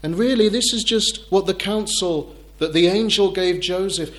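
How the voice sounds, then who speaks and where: A man's voice: high-pitched, moderate pace. A man preaching a sermon in an earnest manner, ending in prayer. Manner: earnest, acts out quoted voices.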